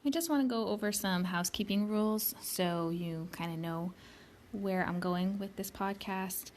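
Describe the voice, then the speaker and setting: A woman hosting her own podcast, speaking slowly and pronouncing each word with deliberate care. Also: mid-range voice. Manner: deliberately slow and clearly enunciated. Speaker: podcast host. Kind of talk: slow careful podcast introduction.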